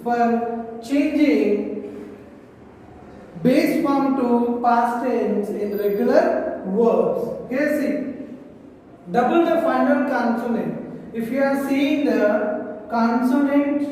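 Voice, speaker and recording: A man's voice: extremely high pitch, darkish tone, a little hiss or hum. A male English teacher explains grammar rules step by step, saying each example word twice. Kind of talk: grammar lesson. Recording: echoey room, voice far from the mic.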